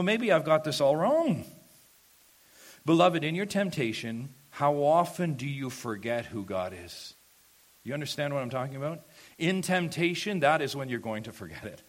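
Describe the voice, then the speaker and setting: A man preaching an expository sermon in church, emphatic and often asking the congregation questions. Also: on the high side. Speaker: pastor.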